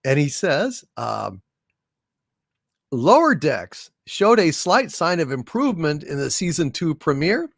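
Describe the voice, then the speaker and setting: A man's voice: fairly high pitch, sing-song, unhurried, creaky, a bit bright, dry recording, clean studio sound. Effusive man hosting a live stream. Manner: effusive, thanks donors with grand hails, hums little fanfares. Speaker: livestream host. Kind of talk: casual live-stream chat reading viewer messages.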